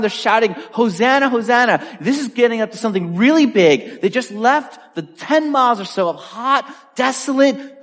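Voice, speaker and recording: Animated male preacher in a reverberant hall. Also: high-pitched. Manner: animated, conversational storytelling with acted-out quotes. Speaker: pastor. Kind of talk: sermon.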